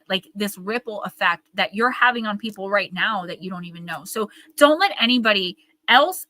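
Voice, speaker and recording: Bright-voiced woman giving an oracle reading. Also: medium pitch, low-quality recording. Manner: earnest, encouraging, mimics gushing voices. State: tearing up. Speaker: oracle card reader.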